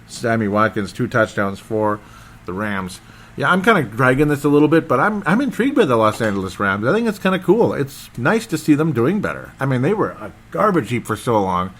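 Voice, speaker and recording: A man of average pitch talks through the week's football scores on his podcast. His recap is loose and excitable, and he wanders off topic and stumbles over names as he goes. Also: fairly quick. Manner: rambling, excitable, loses his train of thought. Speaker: sports podcast host.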